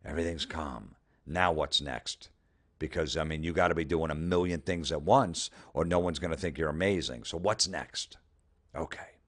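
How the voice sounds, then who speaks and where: A man's voice: rumbling low, moderate pace, a bit bright. A man doing comedic commentary as he reads social media posts aloud, sarcastic and incredulous, with frequent swearing. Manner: sarcastic, incredulous, profane ranting. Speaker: comedian host.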